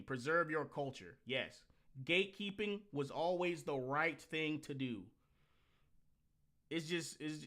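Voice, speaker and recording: A man hosting a reaction commentary, talking bluntly and scornfully with lots of swearing and sudden animated rants. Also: a little high. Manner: animated rants with mocking outbursts. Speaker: host.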